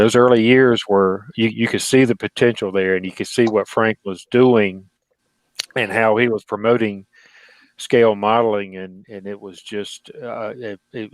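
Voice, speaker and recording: A man's voice: on the low side, fairly even intonation, normal speed, no echo, rough recording. A man reminiscing in casual conversation, hesitant, with many restarts. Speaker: guest.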